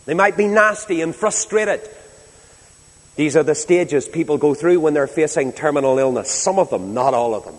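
A man preaching a sermon, reading scripture in old English and dropping to a slow, hushed emphasis. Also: fairly high pitch, lively intonation. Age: over 60. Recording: long hall reverb.

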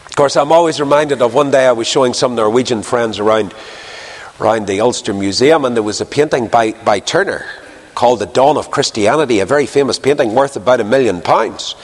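A Northern Irish man preaches a sermon, weaving homely anecdotes together with rhetorical questions put to his listeners. His voice sits at a middle pitch. A long hall reverb trails after each phrase. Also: fairly quick.

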